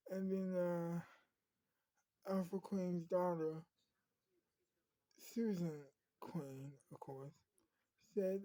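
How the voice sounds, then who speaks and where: A woman's voice: lowish voice, steady tone, takes it slowly, pauses often, dark tone, low-quality recording. A woman hosting a series and telling an improvised story in a rambling, hesitant way.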